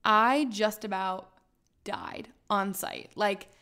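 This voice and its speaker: Speaking slowly, this young podcast host from the United States tells a travel tale in a relaxed way, full of fillers and dramatic reenactment. Her medium-pitched voice has a sharp, clear, resonant quality.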